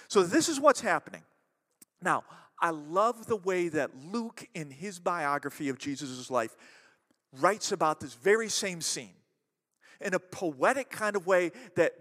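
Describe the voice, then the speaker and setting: A man preaching a sermon as pastor, acting out quoted voices and swinging between loud and soft passages. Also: sits high, in a large hall.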